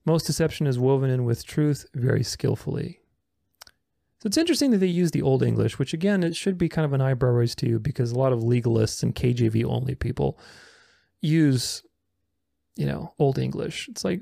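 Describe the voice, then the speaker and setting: Gravelly, sarcastic male commentator. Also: a little high, dark tone, no echo, studio quality. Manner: sarcastic, argumentative, reads comments aloud and rebuts them. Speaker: religious commentator responding to comments. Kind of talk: casual video commentary.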